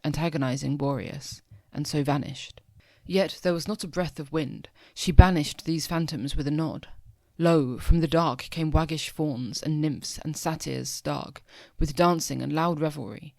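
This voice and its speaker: A young man at home reading narrative poetry aloud as an amateur audiobook, in a measured, dramatic way. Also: on the high side, vocal fry, a little mellow, no room sound. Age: young adult. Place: home room.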